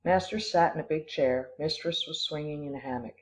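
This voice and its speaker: A man narrating an audiobook in a measured, expressive storytelling manner. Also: a little high. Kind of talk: audiobook reading. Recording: dull lo-fi recording.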